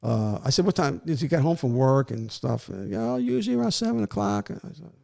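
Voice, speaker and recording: In a casual interview, an older man who retired as a police warrant officer tells a story, animatedly acting out the voices of the people in it. His voice is gravelly and mid-range, and he talks fairly quickly.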